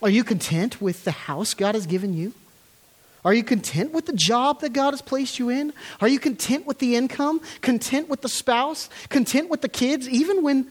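A man's voice: very high voice, normal speed. A man preaching an earnest, emphatic sermon as pastor, speaking to his congregation in church and asking them questions.

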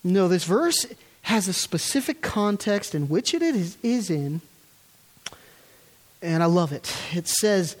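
A man's voice: high voice, animated, moderate pace. A man preaching an earnest, emphatic sermon as pastor, speaking to his congregation in church and asking them questions.

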